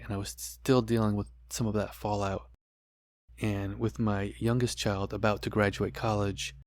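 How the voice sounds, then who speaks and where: A middle-aged podcast host earnestly shares a personal testimony and preaches to his listeners, leaning on repeated phrases. His voice is on the low side and a little mellow, recorded at studio quality with no echo.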